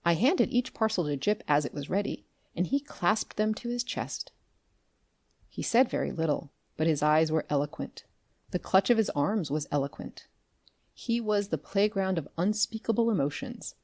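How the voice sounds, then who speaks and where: A woman reads a classic tale aloud in an expressive, animated storytelling voice. Her voice sits on the low side, and the recording is close and dry. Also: moderate pace, no echo. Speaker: audiobook narrator. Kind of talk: scripted narration.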